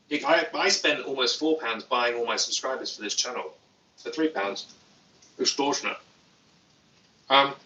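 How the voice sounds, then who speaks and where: A man's voice: mid-range voice, bright, forceful tone, roomy sound, recorded from a distance, slight background noise, poor audio. A young British man hosting a casual livestream, reading chat aloud with dry, self-mocking humor. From Britain. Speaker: YouTube host. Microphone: phone.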